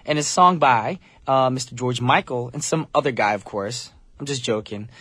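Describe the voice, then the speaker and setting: A man's voice: medium pitch, moderate pace, a bit bright, husky, no echo. Male radio DJ, thirties, upbeat and jokey, close studio mic with no room sound. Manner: upbeat, joking, reads listener messages. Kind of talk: casual radio DJ chat.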